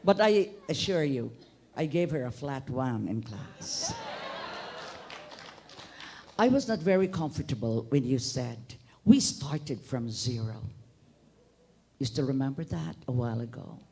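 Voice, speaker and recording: A man's voice: medium pitch, expressive, unhurried, creaky, long pauses, darkish tone, a little hiss or hum. A middle-aged man from Bohol with a Boholano accent, speaking at a forum in an expansive, humorous way with emphatic bursts. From Philippines, Bohol. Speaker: forum audience member, newspaper manager. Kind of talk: public remarks at a forum. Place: conference hall.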